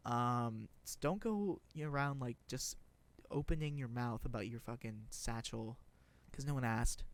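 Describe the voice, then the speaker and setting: A man's voice: medium pitch, expressive, measured pace. A young man rambling through casual commentary, sarcastic and profane, with many restarts. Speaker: video creator.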